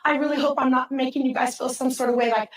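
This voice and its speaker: A woman's voice: sits high, steady tone, quick pace. A middle-aged woman speaking in a heated, rambling, apologetic way to housemates, recorded from a distance. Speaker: reality show contestant. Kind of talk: emotional speech to housemates. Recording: roomy sound from off-mic.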